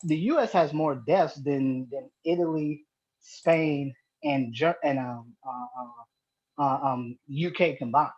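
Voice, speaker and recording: A man on a panel chat who cites statistics in halting starts and restarts. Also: fairly high pitch, darkish tone, breathy edge. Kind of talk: casual group chat. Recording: dull lo-fi call audio.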